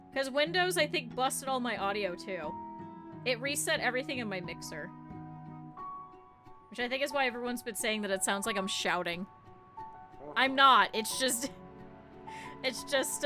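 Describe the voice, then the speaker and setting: A woman live-streaming from home, chatting and giggling with her viewers and her cat. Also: a little high. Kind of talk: casual live-stream chat. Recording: game music in the background. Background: game music.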